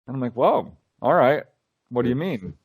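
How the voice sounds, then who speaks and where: A man's voice: medium pitch, normal speed, slightly rough, phone-quality sound. A man being interviewed as a researcher, telling stories in a casual way and acting out the dialogue. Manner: animated, acts out quoted dialogue. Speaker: guest, UFO researcher and lecturer.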